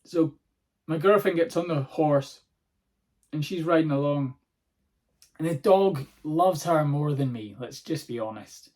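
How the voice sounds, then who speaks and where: A man, a comedian hosting his own podcast, telling rambling, sweary stories in a casual monologue. He is hoarse from a sore throat. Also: fairly high pitch, a little slow, a little mellow.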